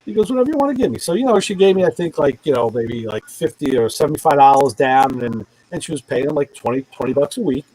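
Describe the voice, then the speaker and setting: A man's voice: medium pitch, fairly quick, hardly any pauses, poor audio. A middle-aged man telling a long anecdote in casual chat, acting out the voices of the people in it. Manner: animated storyteller who acts out quoted voices.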